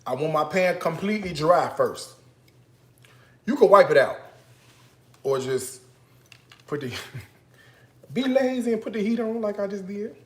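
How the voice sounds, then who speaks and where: A man's voice: sits high, animated, measured pace, long pauses, echoey room. A man from Chicago hosting a casual cooking show, chatting straight to his viewers in a playful, teasing way.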